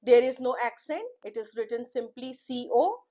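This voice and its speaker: A woman teaching French pronunciation in a slow lesson, repeating each word with drawn-out model pronunciations. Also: fairly high pitch, dark tone, muffled recording.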